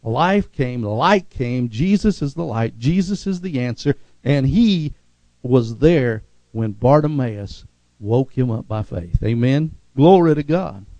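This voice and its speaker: A man preaching a sermon, calling for amens from the congregation and swinging from loud, fervent passages to quiet, lowered ones. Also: animated, takes it slowly, no echo, muffled recording. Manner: call-and-response preaching, rising to shouts then dropping low. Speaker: pastor.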